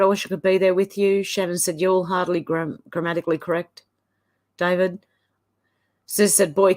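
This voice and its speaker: An Australian woman hosting a livestream at home, reading viewers' comments aloud in a steady run with quick asides of her own. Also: on the low side. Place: at home, off camera.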